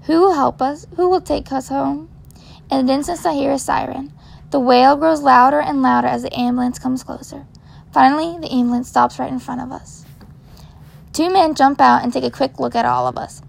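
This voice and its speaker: A woman reading a first-person story in a child's voice, gentle and measured. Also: high-pitched, steady tone, gravelly. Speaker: narrator.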